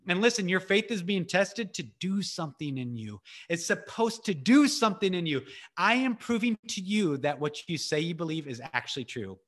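High-voiced animated young male preacher. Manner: animated, exclaiming, many "like" and "right?" asides. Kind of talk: sermon over video call. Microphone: video call.

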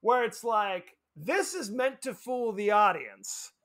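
A man co-hosts a horror film podcast in loose, casual conversation. His voice sits high and bright, and he throws himself into acting out scenes with exaggerated voices. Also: lively intonation, takes it slowly. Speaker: podcast co-host. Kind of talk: casual movie chat.

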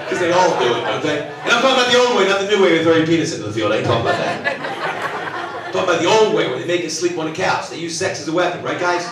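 A man's voice: on the high side, very animated, racing, very noisy. A middle-aged man doing live stand-up on a theater stage, chatty and self-mocking as he teases the audience. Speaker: stand-up comedian. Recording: echoey theater from far off with laughing crowd. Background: audience laughter.

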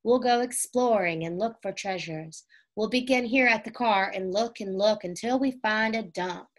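A woman reading aloud, voicing a kind, capable older sister in a children's storybook, gentle and encouraging. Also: mid-range voice, normal speed, close to an everyday voice.

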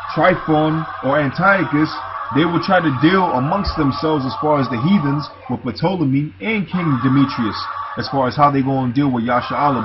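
A man reading scripture aloud and breaking off into casual commentary, often tossing in "man" and "you see". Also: medium pitch. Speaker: scripture teacher. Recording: dull lo-fi recording with music behind.

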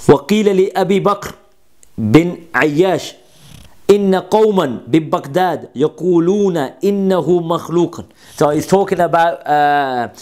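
A man's voice: a little high, darkish tone. A man delivers a combative commentary, speaking straight to his opponents and scolding them. He keeps repeating key phrases to drive his points home. His voice sits a little above the usual male range. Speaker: presenter of a commentary video. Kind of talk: polemical commentary on quoted texts.

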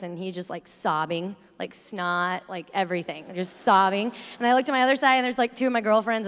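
A young woman speaking at a youth conference, telling stories in a chatty way with lots of "like" and "you know". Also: mid-range voice. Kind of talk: energetic faith talk to a youth crowd. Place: large conference arena. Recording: long hall reverb from a large arena.

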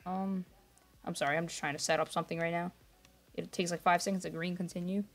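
A young man livestreams a game, talking to viewers in a rambling, distracted way, apologizing often and sometimes lowering his voice to keep the noise down. His voice is high-pitched, flat and quick.

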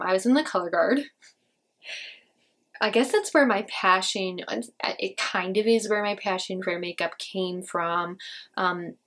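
A woman's voice: mid-range voice, fairly bright tone. A young woman from northern Indiana with a slight Indiana twang, chatting casually to her viewers in a rambling way. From northern Indiana, US Midwest. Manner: chatty, rambling, many "like" fillers. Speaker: beauty vlogger. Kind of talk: casual chat to camera.

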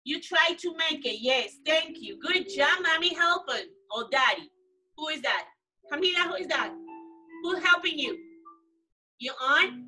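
A woman teaching young children in an online class, coaxing and praising them in simple, animated phrases. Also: sits high, measured pace, recorded from a distance, soft background music, rough recording. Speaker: preschool teacher.

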